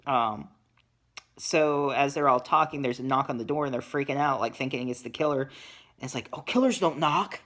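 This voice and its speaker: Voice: mid-range voice, steady tone, normal speed, fairly bright tone. A reviewer casually recapping a horror movie, dismissive and sarcastic, with many ums and uhs.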